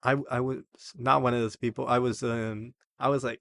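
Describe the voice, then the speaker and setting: A young man talks through his sports predictions in a casual, rambling way, often backing up and correcting himself. His voice sits at a middle pitch for a man. The sound is dry and close, with no room echo. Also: level tone, normal speed, creaky, fairly bright tone. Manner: chatty, rambling, self-correcting. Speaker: sports video host.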